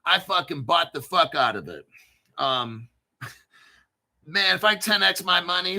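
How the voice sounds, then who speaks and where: A man in a loose, unscripted crypto stream, jumping between jokes, stories and coin talk with plenty of swearing. His voice is very bright and sharp, sitting a touch higher than most men's, and he takes his time with his words. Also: big pitch swings, measured pace, vocal fry, pauses often. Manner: rambling, profane, jokey. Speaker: crypto YouTuber. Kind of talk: casual unscripted livestream talk.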